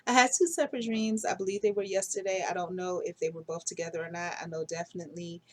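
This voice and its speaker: A middle-aged woman who vlogs about her dreams talks quickly in a lowish, steady voice. Her casual dream diary monologue rambles and sounds unsure, packed with fillers and self-corrections.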